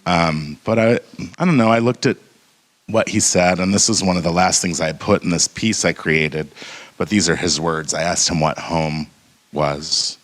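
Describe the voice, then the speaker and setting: A man, a son speaking at his father's memorial, talking haltingly as he introduces his father's recorded words. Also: low-pitched. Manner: halting, with repeated starts and soft asides. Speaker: son giving a memorial tribute. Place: community center memorial service.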